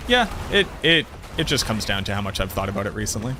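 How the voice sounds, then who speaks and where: A man's voice: on the low side, very animated, fast, sharp tone, slight background noise. A man streaming a game, chatting casually in a rambling, talkative way and correcting himself mid-sentence. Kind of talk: casual chat while gaming.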